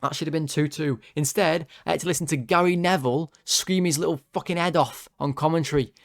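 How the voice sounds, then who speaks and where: A young man hosting a football fan channel, ranting through player ratings, swearing, his voice jumping high when worked up. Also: fairly even intonation, a little fast. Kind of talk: player ratings rant to camera.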